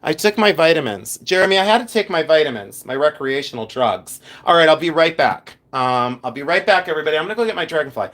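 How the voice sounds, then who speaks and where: A man's voice: fairly high pitch, expressive, fast talker, few pauses, fairly bright tone. A chatty man hosting a live jewelry stream from his second house, reading viewer comments aloud and teasing people with lots of giggles.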